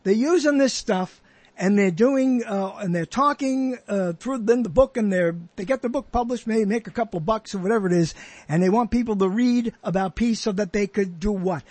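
A man's voice: high voice, normal speed, a little mellow, dry recording. A man hosting a podcast in casual chat, rambling with stammering restarts and blunt wisecracks. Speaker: podcast host.

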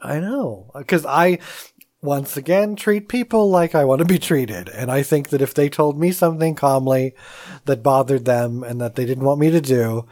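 A co-host in casual conversation, calm and measured, who laughs often and acts out quoted voices. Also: mid-range voice, dry recording, studio quality. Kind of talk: casual chat.

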